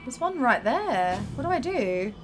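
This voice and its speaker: A woman's voice: high voice, sing-song, a little slow, music in the background. A woman commenting while playing a video game, reacting aloud in a chatty, exclaiming way. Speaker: gamer. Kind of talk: let's-play commentary.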